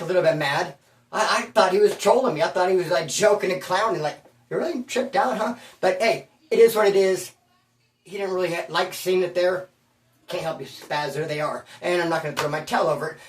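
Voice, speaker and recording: A man's voice: high-pitched, recorded from a distance. Man, channel host, casual slangy storytelling, self-mocking, roomy echo, voice off the mic. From Bakersfield, California. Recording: roomy sound, voice away from the mic.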